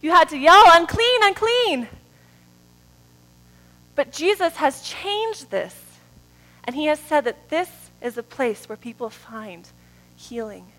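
A woman preaching a sermon in a church, moving between soft, drawn-out phrases and loud, rising calls. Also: high voice, expressive, soft background music, rough recording.

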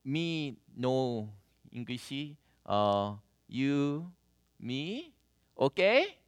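A woman's voice: medium pitch, big pitch swings, moderate pace, a bit bright, dry recording, voice pushed up. A man voicing a petite Korean grandmother in her seventies, pleading in prayer and speaking broken English. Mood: halting. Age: 70s.

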